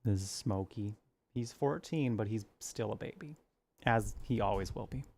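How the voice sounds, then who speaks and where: Gravelly-voiced chatty man gaming. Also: lowish voice, moderate pace, a little mellow. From Arizona. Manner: rambling, chatty, coos at his cat. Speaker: gaming streamer. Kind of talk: casual chat while playing a game.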